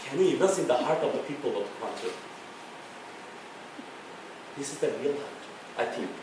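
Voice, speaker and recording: A middle-aged man with a Bangladeshi accent giving an earnest public talk with slides, halting and restarting as he speaks. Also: medium pitch, lively intonation, background noise. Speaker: guest speaker. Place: lecture hall. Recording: echoey hall, far from the mic.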